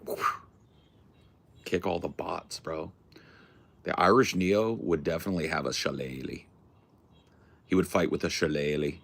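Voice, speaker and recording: A man with a very low voice full of heavy vocal fry, hosting a livestream. He chats casually and rambles in slangy, profane asides to his viewers. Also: fairly bright tone. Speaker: livestream host. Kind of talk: casual chat with a live chat.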